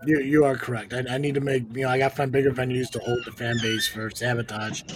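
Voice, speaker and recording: A man's voice: medium pitch, steady tone, fast, noisy background. A man hosting a casual live-stream podcast chat, joking and exasperated. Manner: joking, exasperated, mutters "Jesus". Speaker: podcast host and wrestling commentator.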